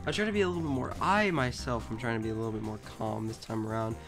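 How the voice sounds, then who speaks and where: A man's voice: medium pitch, very fast, over music. Rambling young man telling a story. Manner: rambling storyteller, lots of fillers and restarts. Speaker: podcast co-host. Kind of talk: casual let's-play chat.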